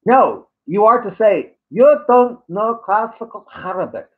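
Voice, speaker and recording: A man's voice: high voice, expressive, unhurried, voice pushed up. A man voicing a condescending male online commenter in a put-on thick accent, lecturing and sneering. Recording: tinny phone-like audio.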